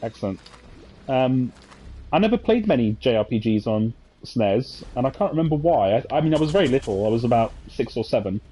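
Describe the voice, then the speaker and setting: A man's voice: mid-range voice, animated, brisk, mellow, slight background noise. A man, chatting casually and reminiscing over gameplay with many fillers and asides. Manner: rambling, nostalgic storytelling with many fillers. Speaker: gaming channel host.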